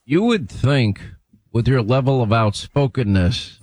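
An emphatic male radio host with a brisk delivery. His voice sits in a middle register. It sounds close and dry, with no room around it. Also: medium pitch, darkish tone, no room sound, rough recording. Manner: brisk, emphatic, reads quotes aloud. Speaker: radio talk show host. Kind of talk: radio talk show interview.

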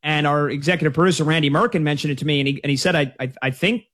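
A man's voice: on the high side, fairly bright tone. A man hosting a sports talk radio show, chatting conversationally and taking calls. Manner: conversational, quick asides.

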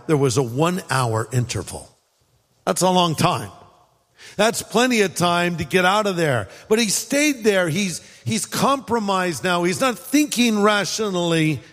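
A man's voice: on the high side, fairly bright tone, long reverb tail. A man from California preaching a sermon in a conversational style, acting out quotes and joking with the congregation. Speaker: pastor.

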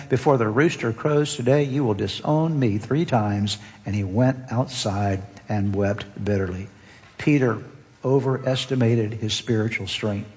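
A pastor preaching a sermon, earnest and emphatic, repeating key phrases for weight. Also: male voice, mid-range voice, a little mellow. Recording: long hall reverb.

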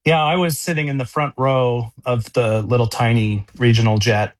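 A middle-aged man speaking as a radio interview guest, halting, with many fillers and restarts. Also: mid-range voice, steady tone, no echo. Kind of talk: casual phone-in interview.

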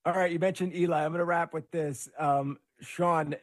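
A man's voice: fairly high pitch, fairly even intonation, normal speed. A man hosting a sports podcast and asking his guests questions. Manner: laughs along, wraps up segments. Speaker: podcast host. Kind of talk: casual interview.

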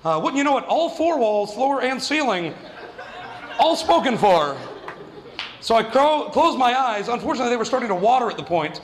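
High-voiced man telling stand-up stories. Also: very animated, normal speed. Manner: conversational, self-mocking, with frequent fillers. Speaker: stand-up comedian. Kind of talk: stand-up storytelling. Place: comedy club stage. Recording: long hall reverb, faint noise.

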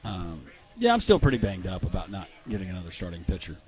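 Lively joking male radio co-host. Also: sits low, fast. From Minnesota. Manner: joking, teasing. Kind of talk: casual sports radio chat.

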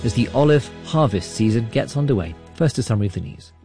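A man hosting a live radio news programme with brisk, crisp presenter links. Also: mid-range voice, lively intonation, dark tone, soft background music.

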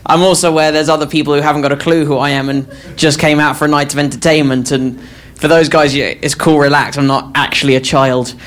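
A man's voice: a little high, little pitch movement, fast talker, noisy background. A man in his twenties opening a stand-up set with chatty, self-deprecating crowd work. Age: 20s. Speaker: stand-up comedian. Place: comedy club stage before a live audience.

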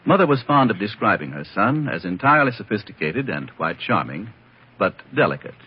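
Husky man narrating an old radio play. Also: on the low side, very animated. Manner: measured, wry, literary. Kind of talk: scripted literary narration. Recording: lo-fi vintage radio broadcast.

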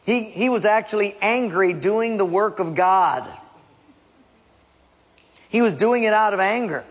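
A man preaching a sermon with a gravelly, husky voice, acting out scenes in changing voices. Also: high-pitched, lively intonation, measured pace. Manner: acts out biblical and household scenes in shifting voices. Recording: long reverb of a large hall.

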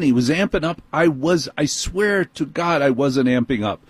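A man's voice: on the high side, animated, normal speed, few pauses, husky, no room sound. A middle-aged man with a New York accent, hosting and telling a personal story in an exasperated, emphatic way.

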